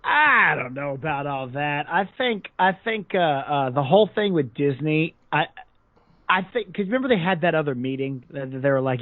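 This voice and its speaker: Expressive man from New Jersey. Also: a little high, moderate pace, no echo. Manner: expressive, exasperated reactions, frequent restarts. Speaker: podcast co-host. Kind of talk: casual chat. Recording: dry, dull podcast audio.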